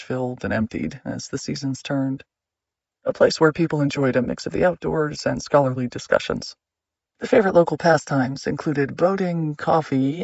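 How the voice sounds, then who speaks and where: A man narrating a suspense novel audiobook in a measured, even storytelling manner. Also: mid-range voice, dry recording, muffled recording. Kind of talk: scripted narration.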